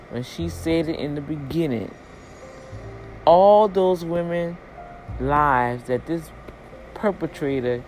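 Animated woman retelling a story. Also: slight background noise, rough recording. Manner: animated, acts out quoted voices with big pitch jumps; religious asides. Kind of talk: casual spoken retelling of a story.

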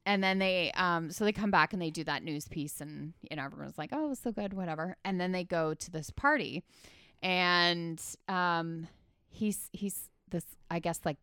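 A woman's voice: lowish voice, steady tone, moderate pace, fairly bright tone, clear, resonant tone, no echo, studio quality. A woman in casual chat, retelling a film scene by scene with lots of fillers and acting out the characters' lines. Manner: chatty, filler-heavy, acts out the characters' lines.

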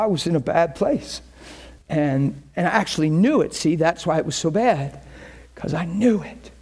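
A middle-aged male pastor preaching a sermon with passion, moving from quiet talk to shouting. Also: on the high side, husky. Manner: impassioned, swings from quiet to shouting.

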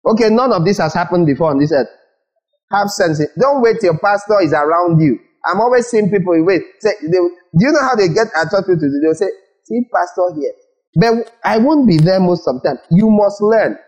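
A man's voice: sits high, expressive, brisk, a little mellow, poor audio. A man from Nigeria preaching a sermon as pastor, acting out little scenes and repeating words for emphasis.

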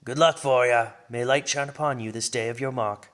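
A man reading aloud and voicing a good-humored father who scolds loudly in jest. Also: mid-range voice, steady tone, normal speed, pitched above the performer's own voice, natural voice. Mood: warm. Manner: loud, mock-stern scolding. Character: stern but good-humored middle-aged father.

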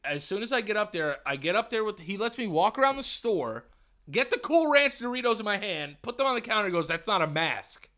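Bright-voiced man telling profane stories. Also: high-pitched, fast. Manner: profane, animated storyteller. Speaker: podcast host. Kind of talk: casual storytelling chat.

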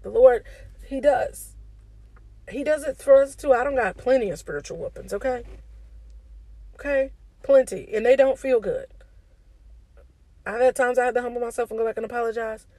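A woman's voice: on the high side, moderate pace, pauses often, mellow, dry recording, poor audio. A woman giving an informal devotional talk to her online community, often asking "okay?" and speaking in a casual, preachy way. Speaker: faith speaker.

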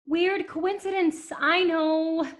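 An actress playing a flustered young stewardess with chirpy, dismissive customer-service patter in a comedic audio drama. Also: female voice, extremely high pitch, fairly even intonation, slow. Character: flustered young female stewardess, breezy and rude.

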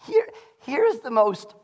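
A pastor preaching a sermon in a church, animated and swinging between shouting and hushed lows. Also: male voice. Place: church sanctuary. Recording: long hall reverb.

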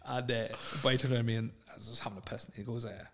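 A man, hosting a podcast in casual chat, laughing often through relaxed banter. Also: mid-range voice, racing. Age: 30s. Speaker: podcast host.

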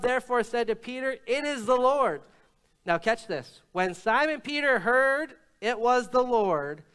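Guy pastor preaching in church, high smooth voice, acts out the bible bits. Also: sharp tone. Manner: storytelling preacher, quotes scripture and acts out lines with shifts in pitch and pace. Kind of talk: sermon.

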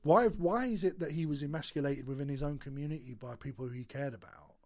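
A man's voice: a little high, quick pace. A young man co-hosting a podcast, talking in a blunt, sweary, rambling way. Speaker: podcast co-host. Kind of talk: casual podcast chat.

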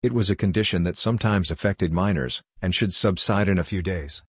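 A man reading a novel aloud in a steady, even storytelling manner. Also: sits low, fairly quick, breathy edge, no echo, clean studio sound. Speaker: audiobook narrator. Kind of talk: scripted narration.

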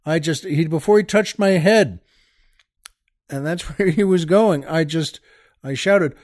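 A man's voice: high voice, normal speed, darkish tone. A middle-aged man hosting a show, telling a comic story in a wry, exasperated way. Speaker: podcast host.

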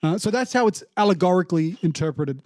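A man's voice: high-pitched, lively intonation, quick pace, dark tone, no room sound. A man giving a casual, conversational sermon, chatty with many fillers and restarts, now and then acting out lines in a mock-indignant tone. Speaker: preacher.

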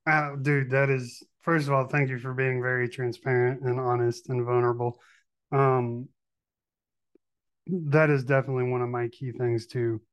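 A man's voice: medium pitch, level tone, moderate pace, clean tone, dry recording. A man hosting a podcast, answering in casual conversation and candidly admitting his own faults. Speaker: podcast host.

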